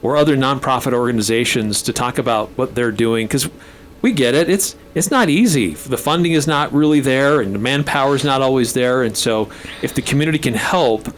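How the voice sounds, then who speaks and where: Speaking briskly in a medium-pitched voice, a man guesting on a talk radio show from the studio chats easily and often laughs at his own expense. He's the station's manager, and there's slight background noise.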